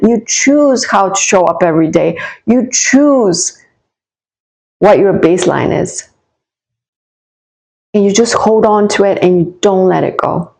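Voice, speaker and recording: On poor audio, a woman with a low-leaning voice and vocal fry does a casual tarot reading aimed straight at the viewer. She's warm and encouraging, offering reassurance while she rambles, restarts often, and drifts into asides as she turns each card.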